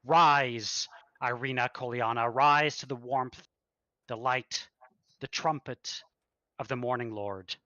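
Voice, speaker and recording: A man voicing an abbot who preaches in a booming, velvety, rehearsed voice, over a dull, dry recording. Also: slow, pushed and bright, no room sound. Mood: preaching.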